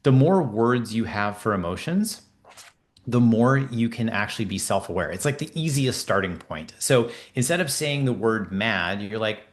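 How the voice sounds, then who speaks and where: A middle-aged man, a leadership coach, explaining ideas in a podcast interview and acting out quoted conversations in lively voices. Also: fairly low pitch, moderate pace.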